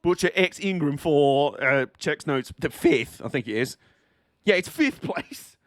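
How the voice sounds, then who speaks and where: A man streaming a live watch-along of a motor race, excitable and sweary, laughing often as he reacts. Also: on the high side, measured pace, no echo, studio quality.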